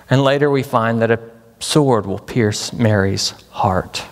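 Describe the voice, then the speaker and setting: Male pastor from Memphis, dramatic preacher of questions, average pitch, heard in a reverberant hall. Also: a little slow. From Memphis, Tennessee. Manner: dramatic, with many rhetorical questions. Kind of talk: chapel sermon. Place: large chapel hall.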